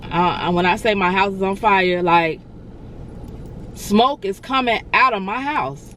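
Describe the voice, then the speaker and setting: A woman's voice: mid-range voice, unhurried, fairly bright tone, slight background noise. A woman in her forties telling viewers how her house burned down, near tears and repeating herself, calling them y'all. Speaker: vlogger. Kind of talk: emotional storytelling vlog.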